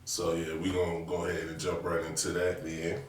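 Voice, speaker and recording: Male podcast host, very low voice, rambling casual delivery, roomy lo-fi sound. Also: monotone, moderate pace. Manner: loose, rambling, cursing, stop-start. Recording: echoey room, distant mic, noisy.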